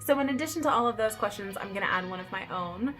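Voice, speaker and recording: A young adult woman chatting casually in a get-to-know-me vlog, bubbly and excitable, with lots of "like" fillers. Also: mid-range voice, fast, soft background music. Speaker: vlogger.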